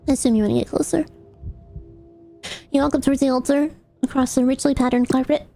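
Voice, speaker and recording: A woman's voice: sits high, very animated, normal speed, pauses often, dark tone. A woman streamer reading an interactive adventure story aloud, narrating steadily and breaking into casual asides to her chat.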